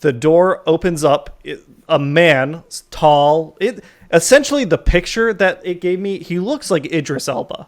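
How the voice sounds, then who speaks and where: A man narrating a tabletop game as game master, casual and halting with many fillers. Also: fairly high pitch, expressive.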